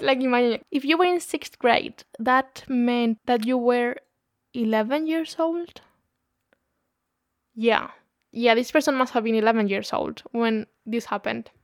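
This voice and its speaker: A young woman with a fairly high voice hosts a podcast and tells stories in a loose, chatty way. She sounds animated and laughs often. The sound is dry and close, with little room in it. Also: no room sound. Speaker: podcast host. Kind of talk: casual storytelling monologue.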